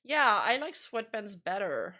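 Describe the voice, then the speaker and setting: A woman's voice: medium pitch, sing-song, unhurried, sharp tone. A woman streamer in casual chat, rambling and trailing off as she reacts to videos. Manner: chatty, rambling, trails off mid-sentence.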